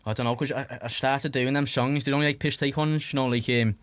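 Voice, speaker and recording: A man's voice: mid-range voice, steady tone, fairly quick. A young man with a Liverpool Scouse accent, casually telling stories as a podcast guest, rambling with lots of filler and swearing. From Liverpool, England. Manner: rambling, heavy fillers and restarts, swears freely. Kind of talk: casual storytelling.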